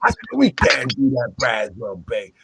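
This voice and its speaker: A man telling a long, jokey story in lively chat, acting out the voices he quotes. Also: medium pitch, normal speed, heavy background noise.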